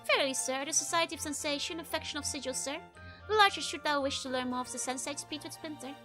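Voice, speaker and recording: A woman's voice: high-pitched, fast talker, over music, natural voice. A woman voicing a handsome, hot-tempered young nobleman who speaks in archaic, courtly thee-and-thou phrasing. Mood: earnest, courtly.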